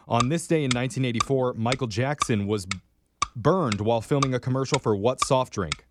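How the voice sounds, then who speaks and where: Playful male radio host, noisy recording. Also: mid-range voice. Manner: brisk, playful, reads questions quickly. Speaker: radio morning show host. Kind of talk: morning radio banter and quiz hosting.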